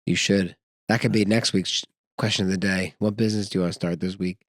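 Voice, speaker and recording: A man's voice: deep voice, fairly even intonation, fast talker, dry recording, clean studio sound. A man co-hosting a church podcast in casual chat, playful and fond of acting out quotes in exaggerated voices.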